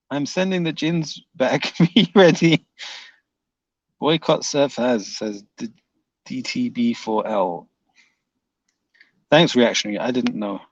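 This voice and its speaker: A man's voice: medium pitch, no echo, dull audio. A man hosting a casual livestream, reading viewer comments aloud and teasing them, laughing often.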